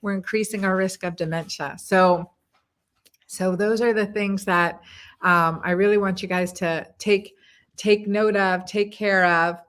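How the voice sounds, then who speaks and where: A woman's voice: mid-range voice, steady tone, a little slow, fairly bright tone. A woman doctor hosting a casual live stream, answering viewers' comments in a chatty way, with plenty of fillers and repeated words. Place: home in Texas.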